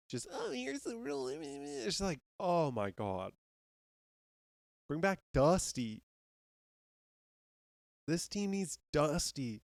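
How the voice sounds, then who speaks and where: A man's voice: medium pitch, no room sound, studio quality. A man hosting a podcast, ranting casually about baseball with heavy swearing and rambling restarts. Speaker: podcast host. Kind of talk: casual sports rant.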